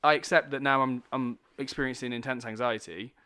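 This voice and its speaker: A man speaking at an ordinary mid pitch, candid and loose in a casual podcast chat. He explains his points freely and swears often, with no polish or script. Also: fairly even intonation, fairly quick, sharp tone, smooth. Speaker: podcast guest.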